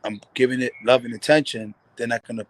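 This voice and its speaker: A man's voice: medium pitch, fairly even intonation, quick pace. Slangy laid-back man on a phone call. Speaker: panel guest. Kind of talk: casual chat.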